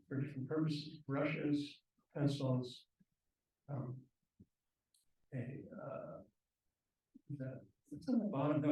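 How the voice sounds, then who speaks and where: A man giving a slideshow lecture at a university, relaxed and halting, with frequent ums and restarts. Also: medium pitch. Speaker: guest lecturer. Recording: echoey lecture room from far off.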